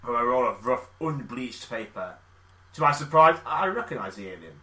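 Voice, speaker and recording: A man co-hosting a comedy podcast, reading an article aloud in a deadpan way between banter. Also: medium pitch, moderate pace, roomy sound, poor audio. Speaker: podcast co-host.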